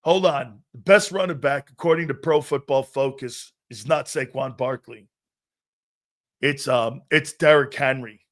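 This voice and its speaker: A man hosting a live sports talk show, brash and animated, talking back to his chat and laughing at himself. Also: mid-range voice, a little slow.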